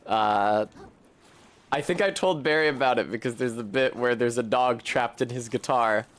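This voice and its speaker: A man's voice: medium pitch, normal speed, a bit bright. A man giving casual, wry commentary as he streams a video game, swearing freely and chatting with his viewers. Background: game music.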